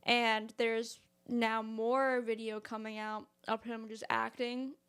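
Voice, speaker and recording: Gravelly woman, chatty co-host. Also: a little high, flat delivery, takes it slowly, fairly bright tone. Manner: chatty, many filler likes. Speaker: podcast co-host. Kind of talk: casual podcast chat.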